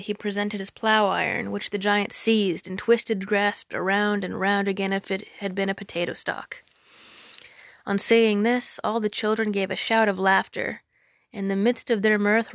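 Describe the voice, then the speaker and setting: A woman reading an old folk tale aloud in a measured, dramatic storytelling manner. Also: medium pitch, dry recording, clean studio sound. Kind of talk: storybook narration.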